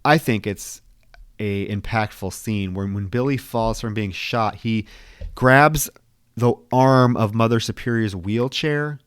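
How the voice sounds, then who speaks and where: A man's voice: fairly low pitch, slow, clear, resonant tone, dry recording, studio quality. A man co-hosting a horror film podcast, recapping scenes in casual chat and turning blunt and heated about the characters. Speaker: podcast co-host.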